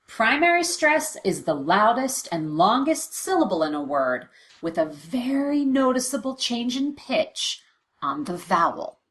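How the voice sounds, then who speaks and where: A woman teaching English pronunciation in a scripted lesson, speaking clearly and drawing out example words. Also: fairly high pitch, very animated, a little slow, fairly bright tone.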